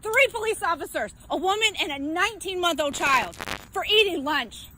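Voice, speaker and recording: An upset woman, a mother confronting police outdoors, yelling and defiant and repeating herself. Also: extremely high pitch, expressive, normal speed, slight background noise, poor audio. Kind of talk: heated confrontation. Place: outdoors in a public place.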